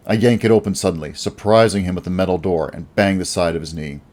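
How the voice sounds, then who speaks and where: Low-voiced male audiobook narrator. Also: fast, a little mellow. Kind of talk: first-person audiobook narration.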